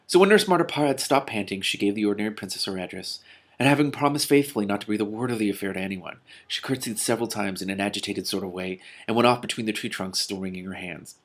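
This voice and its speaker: A man reading a children's novel aloud, breaking off with animated, exclaiming reactions. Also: lowish voice, fast talker. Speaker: reader and commentator.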